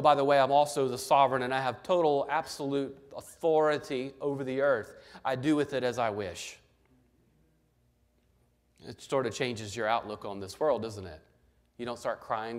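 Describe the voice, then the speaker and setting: Male preacher, mid-pitched, emphatic Bible teaching, heavy on rhetorical questions. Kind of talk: sermon.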